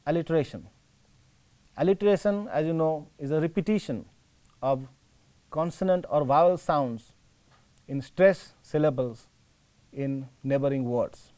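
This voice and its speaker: A male teacher with an Indian English accent, giving a slow, explanatory classroom lecture and rephrasing his points. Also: a little high, darkish tone.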